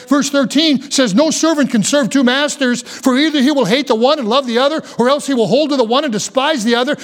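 A male pastor preaching a fervent sermon, sinking low and quiet for solemn warnings and rising when urging his hearers.

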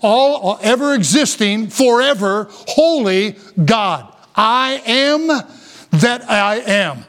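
A male pastor preaching a sermon emphatically, drawing out key phrases slowly and chuckling now and then. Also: high voice, animated, fairly bright tone.

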